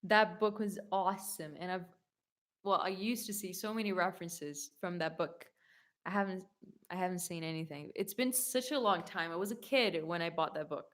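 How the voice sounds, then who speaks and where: A young woman in a casual Q&A video, reading viewer comments aloud and answering them in a chatty, rambling way, full of "like" and quick self-corrections. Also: lowish voice, a bit bright. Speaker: YouTube singer answering fan questions.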